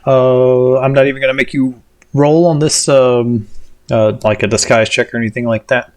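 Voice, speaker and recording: A man's voice: mid-range voice, fairly even intonation, normal speed, a little mellow. A man running a tabletop game as game master, rambling with lots of ums and restarts. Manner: rambling, many fillers and restarts.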